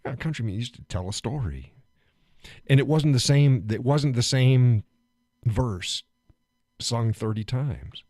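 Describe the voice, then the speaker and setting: Rambling, joking man, lively pitch. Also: no room sound, studio quality. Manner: rambling, joking, laughs often, gets loud and worked up. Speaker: live stream host. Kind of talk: casual live-stream chat.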